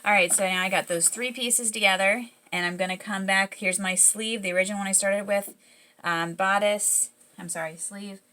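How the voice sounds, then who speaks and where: A woman's voice: mid-range voice, fairly even intonation, normal speed, bright, forceful tone. A woman with a Southern US accent hosting a casual sewing tutorial, chatty and easygoing, correcting herself as she works. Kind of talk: casual step-by-step sewing demonstration.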